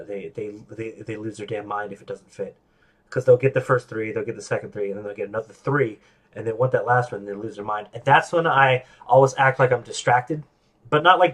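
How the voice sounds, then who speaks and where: Rambling, self-deprecating male podcast host. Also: medium pitch. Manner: animated, acts out quoted voices. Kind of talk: casual solo monologue.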